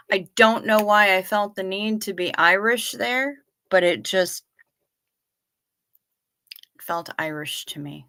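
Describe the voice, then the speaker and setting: Woman livestream host, bright tense tone, slow easy delivery, swears freely, gushes over her viewers. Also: medium pitch, clear, resonant tone. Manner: profane, effusive, greets viewers by name. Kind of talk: casual livestream chat reading viewer comments.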